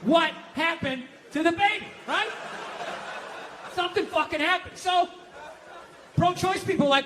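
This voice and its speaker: A man doing a stand-up comedy set, profane and ranting, often yelling his punchlines. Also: very high-pitched, lively intonation, moderate pace, pauses often, slight background noise. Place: stage before a live audience.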